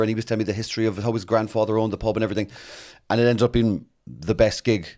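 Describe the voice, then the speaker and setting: Fast-talking man telling stories. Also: lowish voice. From Ireland. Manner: storytelling, animated and swearing casually. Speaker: comedian and TV writer. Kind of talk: casual chat.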